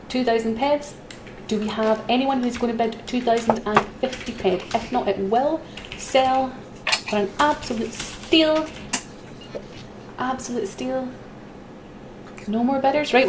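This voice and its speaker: A woman hosts a live auction in a somewhat high voice at normal speed, chatty and giggly and saying "um" a lot. The room has an echo and faint noise.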